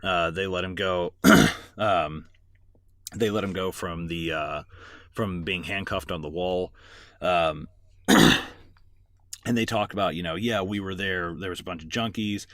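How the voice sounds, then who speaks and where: A man with a deep, low voice chats casually on a movie podcast. He recaps scenes in a loose, rambling way, full of "um" and "you know" and the odd curse. The sound is close and dry, with no room in it. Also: measured pace, pauses often, fairly bright tone, no echo. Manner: rambling recaps with many fillers, swears a lot. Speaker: podcast co-host.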